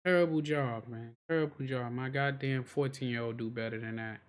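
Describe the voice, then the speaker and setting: A man's voice: mid-range voice, fairly even intonation, fairly quick. Blunt, profane man reacting. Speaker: reaction video host. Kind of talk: casual reaction commentary.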